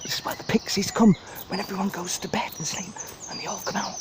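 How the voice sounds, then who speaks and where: This vlogger has a high voice with fairly even intonation and a quick pace. Holding his phone as he strolls outdoors through a city park, he rambles through a chatty tour and cracks himself up, while background noise carries on around him.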